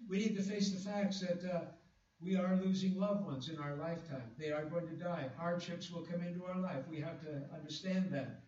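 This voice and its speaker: A man preaching a sermon, reading scripture slowly and with emphasis, with fillers and restarts. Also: high voice, fairly even intonation, a little mellow. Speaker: pastor. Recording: echoey, distant, dull room recording.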